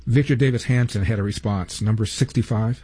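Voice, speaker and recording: A man hosting a commentary show, stressing key figures by slowing down. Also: on the low side, steady tone, dark tone, husky. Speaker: host.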